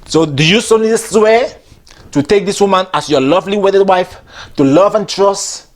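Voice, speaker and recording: Slow solemn pastor reading vows, a guy putting him on, high voice. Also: natural voice. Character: solemn male pastor leading wedding vows.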